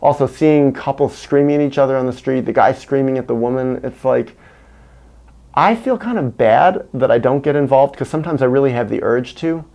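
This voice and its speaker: A man's voice: medium pitch, fairly quick, vocal fry, mellow. A man talking candidly to camera in a reflective personal monologue, earnest and often searching for words. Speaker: vlogger.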